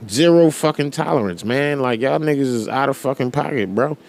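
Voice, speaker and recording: A man's voice: mid-range voice, a little fast, gravelly. Profane ranting podcast host, man. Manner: profane, ranting, laughing often. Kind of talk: profane casual rant. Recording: loud background noise.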